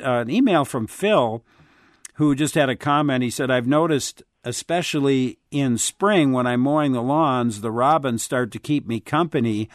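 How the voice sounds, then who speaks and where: A man's voice: mid-range voice, dry recording. A man hosting a call-in radio talk show from a studio, speaking casually with plenty of fillers.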